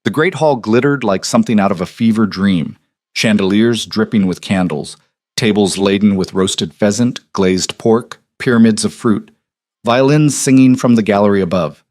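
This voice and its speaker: A man narrating a historical romance audiobook in an even, measured storytelling manner. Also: fairly low pitch, no echo, studio quality.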